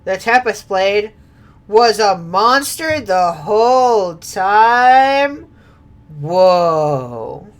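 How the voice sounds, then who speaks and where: Slow-talking woman streamer, lively and laughing. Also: mid-range voice. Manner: laughs often, swears freely, reads game dialogue aloud. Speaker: streamer playing a video game. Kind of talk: casual gameplay commentary.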